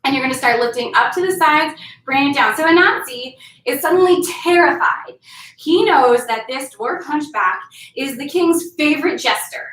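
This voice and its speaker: A woman's voice: high voice, lively intonation, normal speed, a bit bright. Woman, fitness instructor, upbeat counting cues, storytelling workout, roomy, distant from mic. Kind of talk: workout class told as a story.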